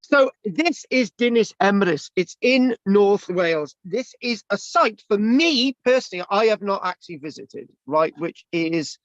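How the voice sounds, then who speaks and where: A man's voice: high voice, lively intonation, unhurried, hardly any pauses, no room sound, highs cut off. A man teaching an online history class in a jokey, rambling way, often stumbling and repeating words, over a video call. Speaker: history lecturer.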